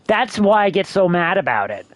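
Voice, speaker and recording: Streamer guy, high voice, swears constantly, frustrated rant into a desk mic. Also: big pitch swings, moderate pace, no room sound. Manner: profane, exasperated ranting. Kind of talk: casual game-stream rant.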